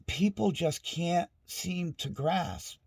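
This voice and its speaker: A man's voice: on the high side, slow pace, husky, dry recording, studio quality. A middle-aged man in a casual, rambling monologue at home, frustrated and restarting often. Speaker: vlogger. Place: home with dogs nearby.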